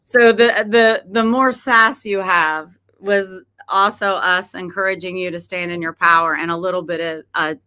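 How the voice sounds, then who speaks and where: A woman's voice: fairly low pitch, steady tone, normal speed, few pauses, pushed and bright, clean tone. A middle-aged woman hosting a podcast, chatting casually and laughing often as she tells stories. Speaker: podcast host. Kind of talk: casual chat.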